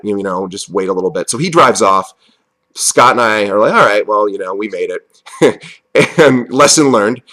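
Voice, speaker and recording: Man telling a story in a low voice. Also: a bit bright. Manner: rambling, with frequent restarts and chuckles. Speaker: podcast host. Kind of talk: casual personal storytelling.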